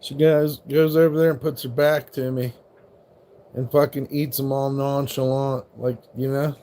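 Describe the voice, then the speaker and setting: Guy with a gravelly voice hosting a casual stream, cussing a lot, joking with his dog. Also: medium pitch, little pitch movement, unhurried, warm tone, slight background noise. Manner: profane, rambling, teasing his dog. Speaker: livestream host. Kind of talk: casual live-stream chat.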